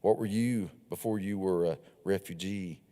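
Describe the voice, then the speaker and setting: A man's voice: low-pitched, normal speed, mellow, close to an everyday voice. A man reading the questions of a young male refugee, in his own plain voice, recorded in an echoey hall. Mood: curious.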